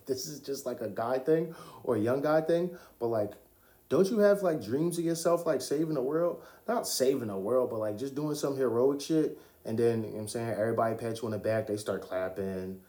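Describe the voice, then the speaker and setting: A man's voice: medium pitch, dark tone. A young man hosting his own podcast, talking loosely and profanely about films, laughing often. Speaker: podcast host. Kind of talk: casual solo podcast talk. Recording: roomy echo.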